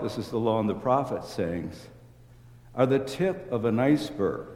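A man delivering a sermon from the pulpit, with a steady mid-range voice. His reading is measured and lands firmly on key words. The sound rings out in a large, echoey hall with a long reverb tail. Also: mid-range voice. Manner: measured, emphatic reading of scripture. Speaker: preacher. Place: church sanctuary.

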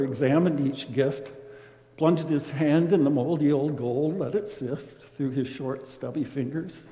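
Male storyteller reading verse with drama and a mellow, unhurried delivery. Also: mid-range voice. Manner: expressive, dramatic swings in loudness. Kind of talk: rhyming storybook narration. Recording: roomy with long reverb.

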